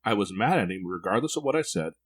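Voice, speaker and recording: A man's voice: lowish voice, expressive, fast talker, breathy edge. A man hosting a parenting podcast, talking in a candid, reflective way. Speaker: podcast host. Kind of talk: podcast interview.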